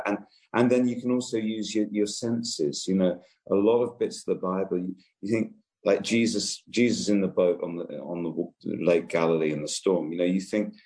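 A man being interviewed as an author guest. He talks gently and thoughtfully, with hesitant restarts. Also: sits low. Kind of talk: interview answer.

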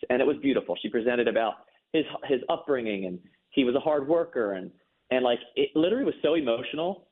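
A man's voice: medium pitch, expressive, fast talker. A man telling his personal story as an interview guest, earnest and emphatic, repeating words when moved. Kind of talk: personal testimony in a faith interview. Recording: phone-line audio.

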